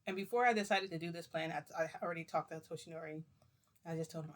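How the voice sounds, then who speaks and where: A woman's voice: low voice, quick pace. A young woman vlogger telling viewers a story in casual, rambling talk, full of "like" fillers.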